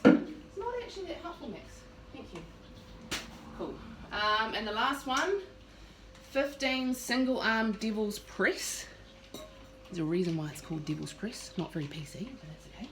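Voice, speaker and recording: A woman's voice: medium pitch, expressive, normal speed, echoey room, distant mic, slight background noise. A woman fitness coach at home, talking through workout moves while she demonstrates them. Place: home room.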